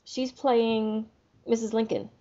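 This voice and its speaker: Woman, podcast co-host, easygoing casual chat, mellow tone, muffled audio. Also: a little high, little pitch movement, takes it slowly. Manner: easygoing, laughs along often.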